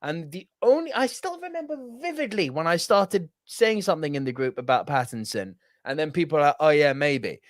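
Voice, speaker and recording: A man's voice: on the high side, big pitch swings, brisk, hardly any pauses, no echo, clean studio sound. A man co-hosting a podcast, ranting in casual chat with lots of swearing. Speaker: podcast co-host.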